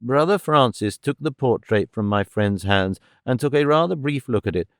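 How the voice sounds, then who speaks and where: Man reading an audiobook, calm measured narration, dry studio mic. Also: mid-range voice, dry recording. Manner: measured, even storytelling. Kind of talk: scripted narration.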